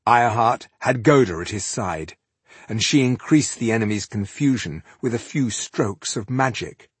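A man reading a fantasy audiobook as narrator, with measured, dramatic storytelling. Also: mid-range voice, expressive, slightly rough, dry recording. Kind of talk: scripted narration.

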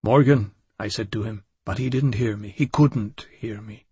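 A man reading a first-person story aloud with intensity and emotion, sometimes dropping to a hushed tone. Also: fairly low pitch, steady tone, normal speed, husky, no room sound. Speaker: audiobook narrator. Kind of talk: dramatic first-person audiobook narration.

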